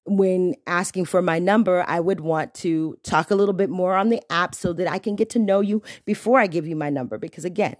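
A young adult woman hosting a casual solo podcast, telling stories in an animated way and mimicking the messages men send her. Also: lowish voice, no room sound, clean studio sound. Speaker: podcast host.

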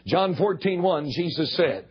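An older man preaches in a church in a very husky, rough voice that sits rather high. He drives his points home with emphatic repetition and pleading appeals. The recording sounds dull and lo-fi. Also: expressive, measured pace. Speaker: guest preacher. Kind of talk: sermon. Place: church building.

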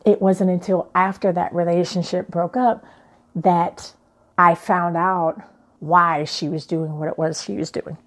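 A woman's voice: lowish voice, fairly even intonation, a little slow. A middle-aged woman, a mother telling her own story in a candid, emphatic way, often repeating her points. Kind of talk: personal talk.

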